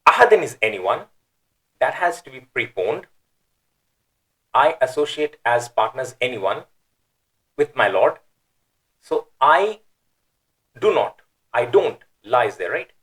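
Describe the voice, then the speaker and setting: A man's voice: medium pitch, very animated, slow pace, pauses often, fairly bright tone, rough recording. Man patiently explaining, with emphatic intonation. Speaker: Quran teacher. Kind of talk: explanatory lecture.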